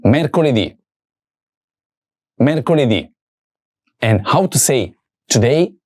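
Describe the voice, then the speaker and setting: Male teacher, patient lesson delivery: unhurried, words repeated clearly, pitch moving a lot. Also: animated, background noise. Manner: slow, careful repetition of words for learners. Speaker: language teacher. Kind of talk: scripted language lesson.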